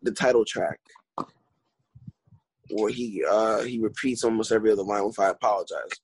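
A man's voice: fairly low pitch, normal speed, husky, dry recording, rough recording. A young man from New York, raised in Philadelphia, chatting casually and joking with opinionated takes. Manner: opinionated, joking, bursts of excitement. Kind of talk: casual chat.

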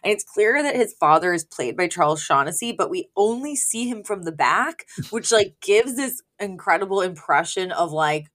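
A woman's voice: fairly low pitch, animated, normal speed, hardly any pauses, a bit bright. A young woman co-hosting a podcast, recapping an episode in casual, chatty talk full of fillers and giggles. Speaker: podcast co-host.

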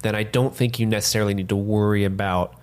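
A man co-hosting a casual podcast, animated and laughing, swearing casually as he talks. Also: on the low side, quick pace. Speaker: podcast co-host. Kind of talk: casual chat.

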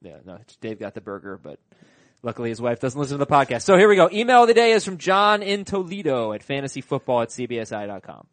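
A man's voice: medium pitch, sing-song, fast, dry recording. A man hosting a sports podcast in a casual, jokey way, teasing his co-hosts. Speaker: podcast host.

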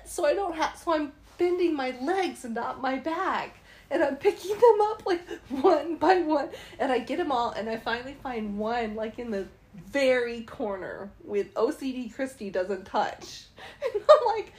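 A woman casually telling a travel story, animated and laughing as she goes. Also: high-pitched. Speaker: travel vlogger.

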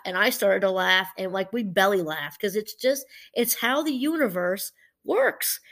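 With a fairly high-pitched voice, this middle-aged woman—a professor who hosts a podcast—offers a relaxed motivational talk on being grateful. She rambles somewhat, stays chatty and warm, and laughs while recounting stories.

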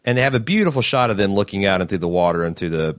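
A man with a fairly low voice that swings widely in pitch, bantering in a relaxed, joking way. He often jumps up high when acting out quoted lines. The sound is dry and close, with no room around it. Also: rapid-fire, no room sound. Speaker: podcast co-host recapping a TV episode. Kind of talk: casual chat.

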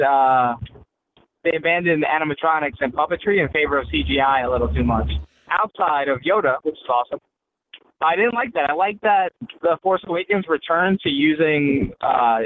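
A man calling in to a podcast from his car, enthusiastic and quick with opinions. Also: on the high side. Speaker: podcast co-host. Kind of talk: casual chat. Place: driving a car. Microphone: phone call. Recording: tinny phone line with road noise.

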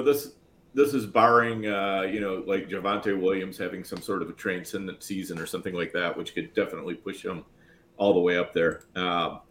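A man co-hosting a podcast, talking casually and hesitantly with lots of "you know". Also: fairly low pitch. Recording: echoey room, faint background noise.

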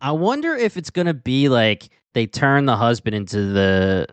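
A man's voice: medium pitch, very animated, moderate pace, smooth, dry recording. A man with a Delaware County accent co-hosting a podcast in casual chat, enthusiastic and rambling with restarts. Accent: Delaware County, Philadelphia area. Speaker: podcast co-host.

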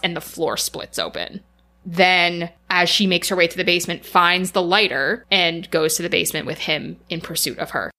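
A woman co-hosting a podcast, retelling a film's plot in casual, animated chat with lots of "like" fillers. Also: fairly low pitch, moderate pace. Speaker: podcast co-host. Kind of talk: casual film recap chat.

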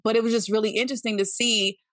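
A woman's voice: fairly high pitch, steady tone, fast, fairly bright tone, dry recording, clean studio sound. A woman co-hosting a podcast, chatting casually about a TV show. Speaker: podcast co-host.

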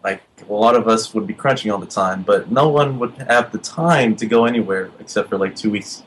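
A man's voice: lowish voice, a little fast, a bit bright, a little hiss or hum, rough recording. A man co-hosting a podcast, asking easygoing, admiring questions with hesitant fillers. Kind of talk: casual interview questions.

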